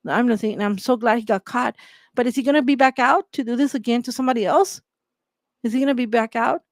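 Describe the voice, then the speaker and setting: A woman's voice: a little high, no echo. Impassioned woman host, dry close sound. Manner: emphatic, repetitive, rhetorical questions, heated. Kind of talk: impassioned commentary monologue.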